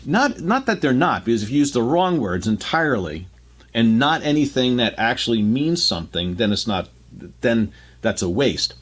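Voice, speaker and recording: A man's voice: mid-range voice, sing-song, moderate pace, a bit bright. Chatty male radio co-host. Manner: explanatory, loose and chatty with restarts. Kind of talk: casual radio talk.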